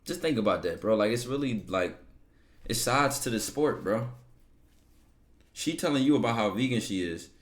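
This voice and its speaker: A man hosting a stream and reading viewers' messages aloud in a loose, blunt, slangy way, often breaking into loud disbelief. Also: medium pitch, expressive, normal speed, long pauses. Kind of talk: casual commentary reading DMs. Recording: echoey room.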